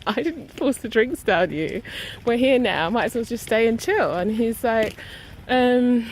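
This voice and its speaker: A woman's voice: fairly high pitch, animated, measured pace, a little mellow, slight background noise, low-quality recording. A woman casually recounting a story to camera, animatedly acting out both sides of an argument. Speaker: vlogger.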